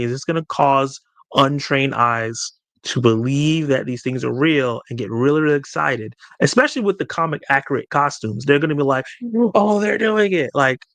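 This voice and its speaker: A man co-hosting a casual podcast discussion, talking in an animated way and acting out quoted reactions. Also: medium pitch, dry recording. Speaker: podcast co-host.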